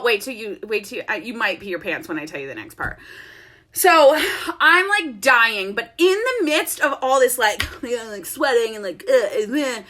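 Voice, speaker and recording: A woman tells an animated, chatty story from her home office. Her voice sits high and bright, with a pitch that leaps all over as she laughs her way through it. She talks casually and straight to her viewers. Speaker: network-marketing business leader and vlogger.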